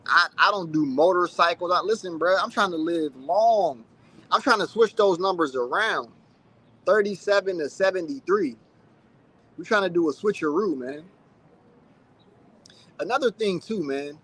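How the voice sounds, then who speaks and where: High, bright-voiced man in his thirties. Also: moderate pace, long pauses, slightly rough. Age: 30s. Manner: loose and chatty, full of "like" and "man". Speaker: channel host. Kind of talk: casual livestream chat reading comments.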